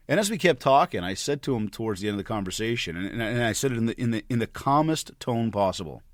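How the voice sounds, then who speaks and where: A man of about forty, a podcast host, telling an animated story and often repeating words as he gets worked up. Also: on the low side, fairly quick, no echo, studio quality. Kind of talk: storytelling monologue.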